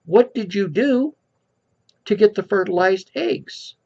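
A man voicing a chatty pregnant woman at a bar in a high, sing-song falsetto, with a gravelly edge, on a lo-fi recording. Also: animated, slow pace, darkish tone, exaggerated voice. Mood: delighted. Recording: lo-fi dull recording.

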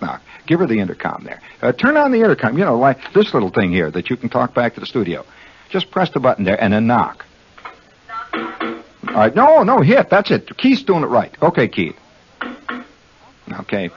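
A man's voice: medium pitch, big pitch swings, normal speed, a little hiss or hum. A man hosting a radio show, rambling in a wry, mock-earnest monologue from a studio. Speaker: radio host. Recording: dull lo-fi 1969 radio broadcast.

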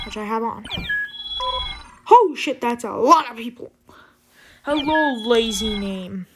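Casual gaming host: woman, high and lively, talks slowly, curses often, loud background music. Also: heavy background noise. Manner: chatty, swears a lot, coos at her cat. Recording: game music loud behind voice.

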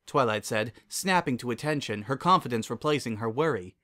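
A man narrating a dramatic reading of fan fiction in an even, measured way. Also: mid-range voice.

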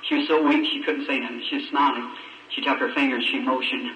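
A man's voice: mid-range voice, sing-song, quick pace, dull audio, slight background noise. A man preaching in a folksy, emotional storytelling way with plain country grammar, recorded from a distance on an old roomy sermon tape.

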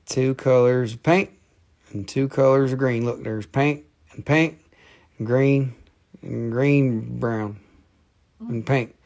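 Guy with a gravelly voice selling rocks on a live stream, jokey and rambling, goes quiet n mumbly when looking at stuff. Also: mid-range voice, slow pace, long pauses. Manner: rambling, joking, teases viewers by name; drifts into quiet murmurs while handling specimens. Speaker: live-stream rock and mineral seller. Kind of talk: casual live sales chat.

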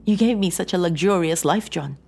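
A woman's voice: lowish voice, a little fast, creaky, a little mellow, husky, voice pushed up. A woman voicing a tearful, pleading wife in a horror story, emotional and shaky. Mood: pleading, hurt. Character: tearful, pleading woman facing her divorce.

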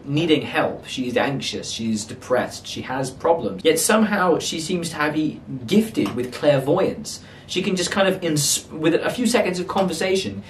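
Man, casual book reviewer, rants with swooping pitch and disbelieving questions; roomy sound, faint ambience. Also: slight background noise. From London, England. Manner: animated ranting, incredulous rhetorical questions. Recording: roomy echo, mic at a distance, faint ambience.

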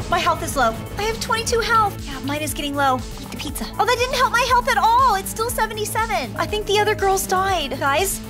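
Very high-voiced excitable woman gamer. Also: a little fast, few pauses. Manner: dramatic, squealing and gasping at scares. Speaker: gaming video host. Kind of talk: excited let's-play commentary. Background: game music.

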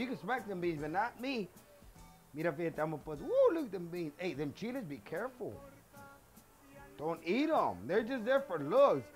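A man's voice: sits high, sing-song, moderate pace, faint music behind. A middle-aged man, hosting a casual home cooking show in his kitchen, chatty and boastful, dropping phrases as he goes.

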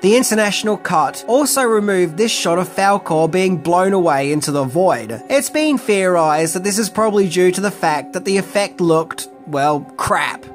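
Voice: medium pitch, lively intonation, moderate pace, few pauses, soft background music. A video essay narrator giving casual film commentary with wry, conversational asides.

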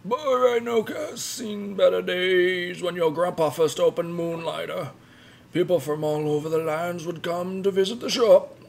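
A man putting on a high stern old man. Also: moderate pace, creaky, a little hiss or hum. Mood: wistful. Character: old male village elder, gruff and stern.

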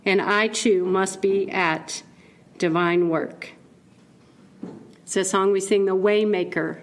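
A woman giving a keynote talk as a conversational sermon, playful and animated and laughing at her own asides. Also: mid-range voice, slow pace. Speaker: keynote speaker.

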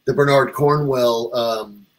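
A comic artist, appearing as a guest in a casual interview, tells a long, meandering story and acts out the things other people said to him. His mid-range voice moves slowly and animatedly, though the audio quality is poor.

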